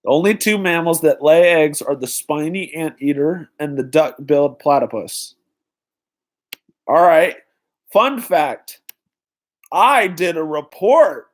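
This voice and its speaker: A young man hosting a live-stream trivia night, excitedly greeting viewers in the chat by name. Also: fairly high pitch. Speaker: livestream host.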